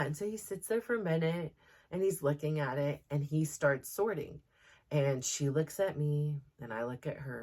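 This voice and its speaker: A woman's voice: low-pitched, lively intonation, moderate pace, a little mellow. A middle-aged woman hosting a podcast, chatting casually and rambling with many fillers and restarts. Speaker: podcast host. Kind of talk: casual chat.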